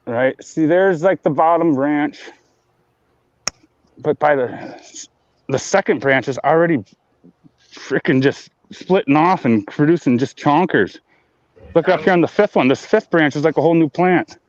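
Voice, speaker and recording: A man chatting casually on a live stream, rambling and repeating words, high and talking with a blunt in his mouth. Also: unhurried, pauses often, dry recording, lo-fi sound. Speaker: grower showing plants on a live stream.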